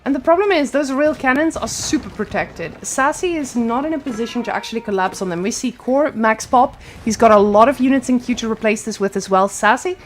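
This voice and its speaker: High, excitable woman game caster. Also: a little hiss or hum. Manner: energetic, excitable, quick to hype plays. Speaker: esports caster. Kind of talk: play-by-play game commentary.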